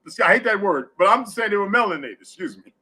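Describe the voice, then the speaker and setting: A middle-aged man with a high, bright voice hosts a casual live audio discussion. He talks bluntly and curses freely, telling stories in a plain, direct way. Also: expressive, fast, slightly rough. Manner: blunt, profane storytelling. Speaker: host.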